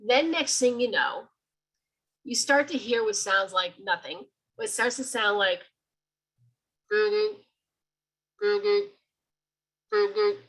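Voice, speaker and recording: Brief: woman, medium leading a casual library talk, husky voice, lively and chatty. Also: fairly high pitch, unhurried, poor audio. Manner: chatty, animated, acts out sounds.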